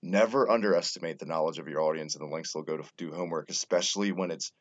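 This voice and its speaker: A man hosting a casual podcast, talking in an animated way and swearing freely. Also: a bass voice, quick pace. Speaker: podcast host. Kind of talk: casual wrestling podcast chat. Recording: dull lo-fi audio.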